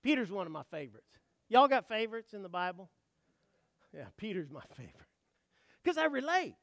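A man preaching a sermon, telling folksy stories and asking the congregation questions, swinging from hushed asides to loud emphatic outbursts. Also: high voice, big pitch swings, fairly quick, no room sound, clean studio sound.

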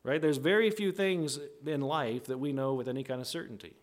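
A man preaching a conversational sermon in a teaching tone, often checking in with "right?" and acting out quoted voices. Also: a little fast. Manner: acts out quoted voices with big pitch jumps.

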